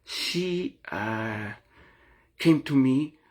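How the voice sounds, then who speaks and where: A man's voice: mid-range voice, expressive, drawn-out words. A middle-aged man vlogging an earnest, rambling account of his own experience, often repeating and restarting his phrases. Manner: earnest and emotional. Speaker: vlogger sharing personal experience. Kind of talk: personal confessional talk to camera.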